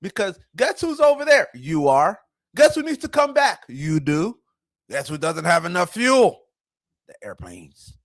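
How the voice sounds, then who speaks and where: A man hosting a casual commentary show, talking in an animated way, with rhetorical questions and mocking voices. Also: high voice, unhurried. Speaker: show host.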